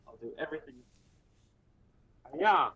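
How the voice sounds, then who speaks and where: A man's voice: on the high side, lively intonation, a little slow. A laid-back man talks through his turn at a tabletop game, taking his time. The audio sounds dull and lo-fi, with faint music underneath. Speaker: player. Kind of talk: casual game table talk.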